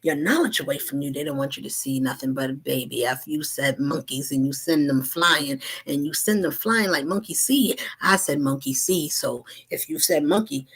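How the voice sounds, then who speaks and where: A woman delivering a spiritual message in a rhythmic, repetitive way, slipping between whispers and loud asides. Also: deep voice, moderate pace, few pauses, slightly rough. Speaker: spiritual channel host.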